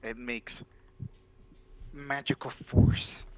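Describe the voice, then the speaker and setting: A man playing a tabletop role-playing game, animated and laughing often as he describes and voices his character. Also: mid-range voice, very slow. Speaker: player.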